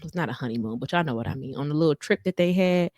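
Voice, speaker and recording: Brief: woman podcast co-host, lower voice, dry close mic, animated gossip recap. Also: very fast, dry recording. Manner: animated storytelling, acts out voices of people she quotes. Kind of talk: casual chat recapping a reality show.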